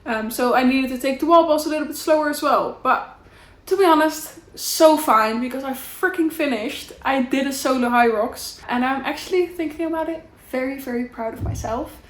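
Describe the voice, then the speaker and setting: A woman's voice: high voice, normal speed, echoey room. A young woman with a Dutch accent, casually catching up with her viewers in a chatty, candid, rambling way. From Netherlands. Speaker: vlogger. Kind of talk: casual catch-up chat to camera.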